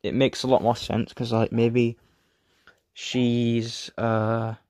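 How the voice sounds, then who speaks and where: A man with a sore throat giving a casual review, reading flatly from a script and often trailing off and restarting. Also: medium pitch, slow pace, no echo, studio quality. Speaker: video reviewer.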